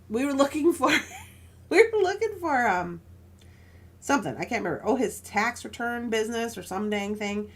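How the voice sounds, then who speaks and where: A woman casually chatting while she crafts jewelry on a live stream, telling stories with frequent laughs and asides. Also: on the high side.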